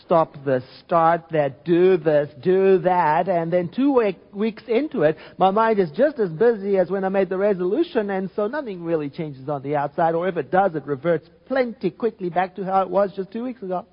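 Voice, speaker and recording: Reflective man giving a soft-spoken talk. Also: high voice, lively intonation, brisk, hardly any pauses, dull audio. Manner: reflective, gentle, with many restarts and soft trailing phrases. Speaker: spiritual teacher. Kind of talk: informal sermon talk.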